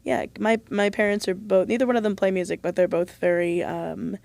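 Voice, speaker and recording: A woman's voice: medium pitch, little pitch movement, brisk, vocal fry, darkish tone, dry recording. A woman musician, a guest on a podcast, chatting casually in a studio and rambling along with many "like"s and "um"s. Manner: rambling, full of "like" and "um". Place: radio studio.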